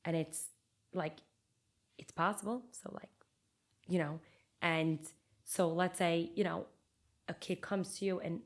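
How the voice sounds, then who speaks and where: A woman's voice: fairly low pitch, moderate pace. Chatty woman parenting coach. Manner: animated, chatty, many fillers like "like" and "you know". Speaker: parenting coach and behavioral therapist. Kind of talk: casual interview chat.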